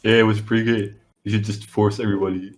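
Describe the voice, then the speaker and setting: A man's voice: on the low side, little pitch movement, quick pace. Dry, teasing man on a podcast. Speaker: podcast co-host. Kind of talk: casual chat.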